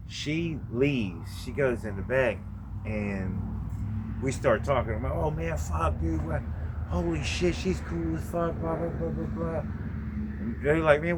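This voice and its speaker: Man, casual storyteller, loose and profane, middle-pitched voice, faint hiss behind. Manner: profane, laid-back, animated when retelling. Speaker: podcast host.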